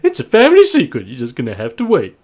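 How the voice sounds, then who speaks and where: A man voicing Maud, a sweet, motherly farm wife with a shrill, cooing voice. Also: wildly swooping pitch, quick pace, a little mellow.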